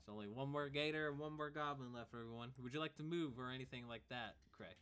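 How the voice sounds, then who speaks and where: A man narrating combat as game master in a relaxed, chuckling way. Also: medium pitch, fast, clean tone.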